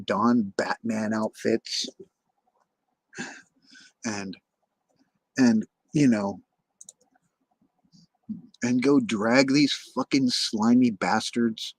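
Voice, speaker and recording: A man's voice: lowish voice, slightly rough, no echo, rough recording. A man ranting on a livestream, bitter and accusatory, swearing constantly and often restarting or repeating his words.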